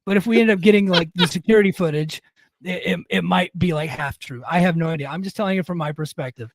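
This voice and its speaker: A man's voice: sits high, fast, dry recording. A middle-aged man telling a rambling, profane story in a casual podcast chat, mocking himself as he goes. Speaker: podcast co-host.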